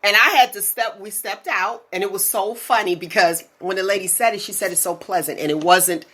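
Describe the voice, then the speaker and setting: A woman in her forties telling stories in casual chat as a podcast host, animated and often laughing. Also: mid-range voice, fairly quick. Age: 40s.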